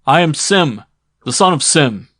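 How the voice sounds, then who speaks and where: A man's voice: fairly high pitch, lively intonation, a little slow, fairly bright tone, husky, no echo, clean studio sound, voice pushed up, full character voice. A man voicing an earnest, determined young man in an audiobook. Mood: pleading.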